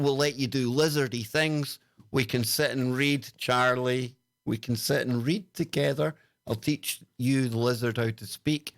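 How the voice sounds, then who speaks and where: A man's voice: medium pitch, fairly bright tone, no room sound, studio quality. A British man hosting a casual livestream, talking in a sarcastic, mocking way as he reads out chat comments. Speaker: livestream host.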